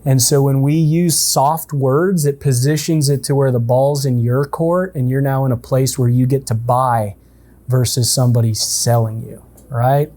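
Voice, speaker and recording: A man leading a relaxed, conversational coaching session for a team, often checking in with his listeners. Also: mid-range voice, moderate pace. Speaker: sales trainer. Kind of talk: casual in-person coaching session.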